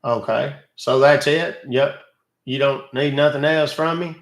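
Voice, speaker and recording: A man's voice: mid-range voice, measured pace. Sarcastic man streaming in a roomy space. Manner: sarcastic, teasing, chatty. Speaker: scam-baiting live streamer. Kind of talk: casual live-stream chat.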